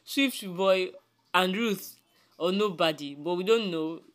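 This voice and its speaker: A gossip channel host chatting to viewers about celebrities, chatty and quick to laugh. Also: mid-range voice.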